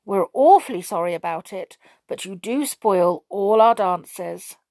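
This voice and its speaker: A woman's voice: medium pitch, lively intonation, measured pace, warm tone, no echo, clean studio sound. A woman voicing a fussy, apologetic fairy who explains herself politely.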